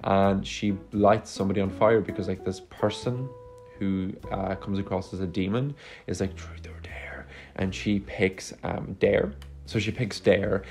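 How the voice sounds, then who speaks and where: A man with a fairly low voice rambles through a casual movie review, dry and sarcastic, recorded on a phone mic indoors. Faint music plays underneath. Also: fairly even intonation, a little slow, darkish tone. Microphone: phone microphone.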